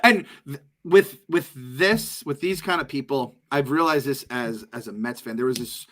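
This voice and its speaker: A man's voice: mid-range voice, moderate pace, a bit bright. A man co-hosting a podcast, giving rambling, opinionated takes with casual profanity. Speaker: podcast co-host.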